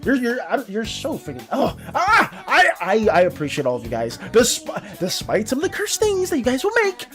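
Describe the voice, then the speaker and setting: A woman art streamer chatting casually on a live stream, excitable, laughing often and swearing. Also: on the high side, normal speed, few pauses, faint music behind.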